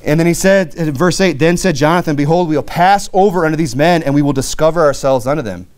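Reading from the King James Bible and lifting his pitch on key verses, a male pastor preaches quickly in a plainspoken, earnest manner packed with fillers. His voice is darkish and clean.

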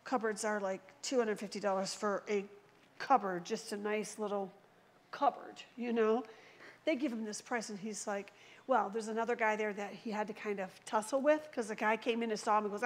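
A woman preaching a sermon in a church, telling stories with animated acted-out voices. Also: mid-range voice, moderate pace. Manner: animated storytelling, acts out quoted voices.

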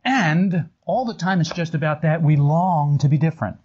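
A man's voice: on the high side, moderate pace, a little mellow, husky, lo-fi sound. A man teaching esoteric ideas to a small group in a meeting room, acting out little dialogues with self-mocking humor. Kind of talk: animated talk to a small group. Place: meeting room with a live audience.

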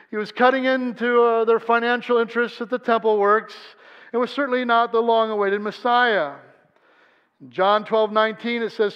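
A man delivers an earnest sermon in a high, ringing voice. His words echo with a long tail through a church sanctuary. The recording is muffled and dull. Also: clean tone. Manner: earnest preaching, acts out quoted voices. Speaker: pastor. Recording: dull sound in a reverberant church hall.

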